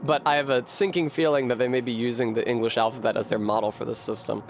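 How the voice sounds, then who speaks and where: A man's voice: mid-range voice, fairly even intonation, fast, a little hiss or hum. A man streaming a video game, thinking aloud with profane, sardonic commentary. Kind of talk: live gameplay commentary.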